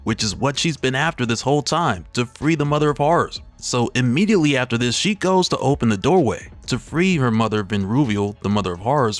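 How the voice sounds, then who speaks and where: A man at a medium pitch walks through a comic storyline in a loose, slangy, easygoing manner, like a regular host of his own channel. Soft music sits faintly underneath his voice. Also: no echo. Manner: laid-back, slangy, lively storytelling. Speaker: comic book recap host. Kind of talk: casual comic story recap.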